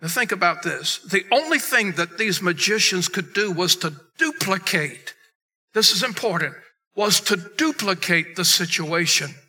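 Bright, high-pitched preaching man. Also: animated, measured pace, husky. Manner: emphatic preaching, swings between loud and hushed. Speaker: pastor. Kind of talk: sermon.

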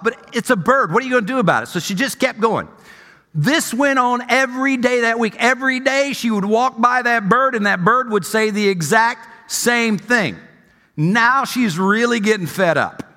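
A male pastor preaching in a high, bright voice, animated and conversational as he tells a story. His words ring on in the long reverb of a church sanctuary. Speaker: senior pastor. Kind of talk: sermon.

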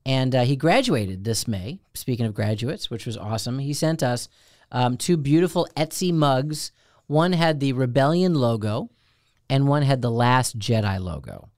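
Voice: mid-range voice, animated, normal speed, a little mellow, dry recording, clean studio sound. A professor co-hosting a podcast, chatty, playful and enthusiastic in casual talk. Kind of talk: casual chat.

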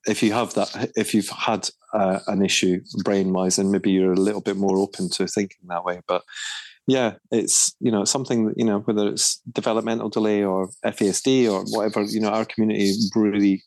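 A man's voice: lowish voice, fairly even intonation, a little fast, darkish tone, no room sound, rough recording. A man co-hosting a podcast, talking casually in a hesitant, teasing way with lots of fillers. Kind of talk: casual chat.

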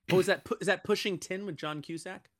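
A man's voice: high-pitched, steady tone, brisk, dry recording, studio quality. A man co-hosting a casual podcast, joking and rambling, often stumbling over his words. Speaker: podcast co-host.

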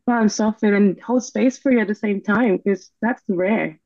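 Soft-spoken woman on a dull remote line. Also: medium pitch, unhurried, no room sound. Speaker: guest coach. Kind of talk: conversational interview.

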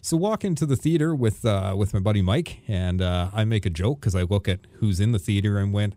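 A man's voice: on the low side, a little fast, warm tone, no room sound, clean studio sound. A man co-hosting a podcast, telling an exasperated story and acting out the people in it. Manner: exasperated, acts out people in his stories. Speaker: podcast co-host. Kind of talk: animated storytelling rant.

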